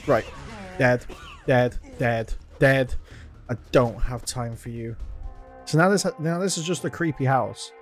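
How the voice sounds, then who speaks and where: A man narrating his own gameplay, jumping between nervous muttering and loud threats at the characters. He swears freely and keeps up a constant stream of talk to himself. Faint music plays underneath. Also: mid-range voice, unhurried. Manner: jumpy, swears often, talks to himself and to game characters. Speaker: gaming video host. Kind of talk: let's play commentary.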